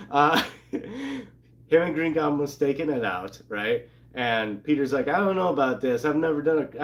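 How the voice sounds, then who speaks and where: Animated man recapping comics. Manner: animated, acts out quotes in excited higher voices. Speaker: comic book show host. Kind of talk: casual comic recap chat.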